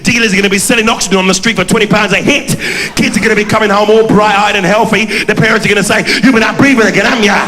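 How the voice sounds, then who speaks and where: A man doing stand-up storytelling in a rapid street-style patter before a live audience. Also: sits high, level tone, pushed and bright, a little hiss or hum. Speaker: stand-up comedian. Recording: live theatre, crowd laughter.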